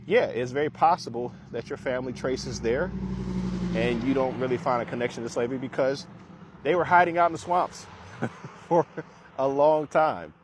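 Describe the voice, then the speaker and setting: A man's voice: mid-range voice, normal speed, background noise. A man giving a conversational, lecturing explanation while walking outdoors. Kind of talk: casual explanatory talk.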